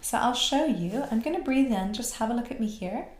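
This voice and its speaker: Aussie-born lady voice teacher, calm slow breathing cues, bit high, echoey room. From Australia. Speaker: voice and mantra teacher. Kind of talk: guided breathing and voice class. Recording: roomy echo.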